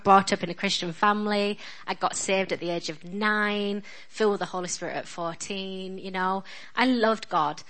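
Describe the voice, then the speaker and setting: A woman's voice: medium pitch, sharp tone, rough recording. A woman in her thirties with a Northern English accent, giving a chatty, self-deprecating and earnest sermon as a guest speaker at a church. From England.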